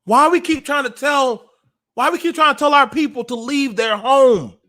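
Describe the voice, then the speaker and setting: A high-pitched man, speaking on a livestream. He lectures with deep emotion and a preacher's rhythm, pushing his voice up into shouts. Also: moderate pace. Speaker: podcast host. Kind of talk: impassioned livestream monologue.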